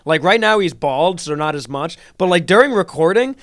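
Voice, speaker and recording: A man's voice: a little high, expressive, normal speed, fairly bright tone, no echo, studio quality. A young man co-hosting a podcast, rambling in casual chat, swearing often and restarting his sentences. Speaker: podcast co-host.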